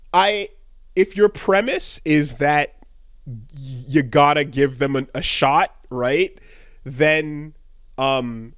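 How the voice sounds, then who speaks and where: A man co-hosting a podcast whose fairly high voice swings up and down as he retells scenes, breaking into shrieks and laughter. The sound is close and dry, with no room around it. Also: a bit bright, clean tone, no echo. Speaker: podcast co-host. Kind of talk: casual podcast chat.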